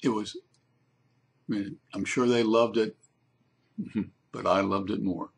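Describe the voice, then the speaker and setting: Older male storyteller, gravelly and breathy, easygoing with plenty of ums. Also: fairly low pitch, steady tone. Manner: unhurried, with frequent ums and restarts. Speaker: grandfather telling a family story. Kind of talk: casual spoken storytelling.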